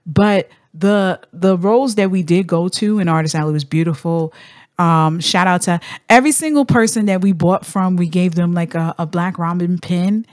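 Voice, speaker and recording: A woman hosting a podcast in casual chat, telling stories with lively acted-out voices. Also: on the low side, moderate pace, no room sound, clean studio sound. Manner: animated storyteller, acts out quoted voices. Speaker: podcast host.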